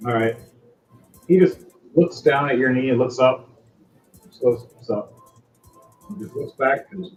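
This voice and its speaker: A man narrating as game master in halting, conversational phrases. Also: mid-range voice, darkish tone, reverberant. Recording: dull lo-fi sound with faint music.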